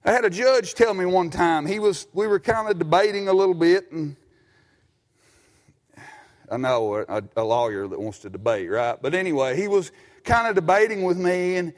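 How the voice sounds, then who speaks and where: A man preaching a sermon as pastor in a church, folksy and animated, stumbling over restarts and putting on quoted voices. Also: high-pitched, moderate pace, big-room sound. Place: church sanctuary.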